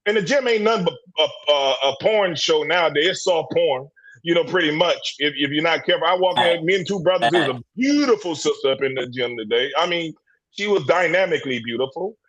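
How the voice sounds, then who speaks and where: Speaking a little fast, a man with a highish, expressive, slightly bright voice takes part as a panelist in a fervent men's group discussion over a livestream video call. The recording quality is low, and he is preachy and emphatic, repeating words and restarting sentences.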